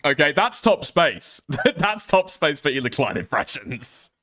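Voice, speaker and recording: A male streamer reacting to clips, swearing freely and sounding openly incredulous. His voice sits a little high and jumps all over in pitch, sliding from mutters to sudden exclamations. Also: a little slow. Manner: profane, incredulous, animated. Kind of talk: reaction commentary.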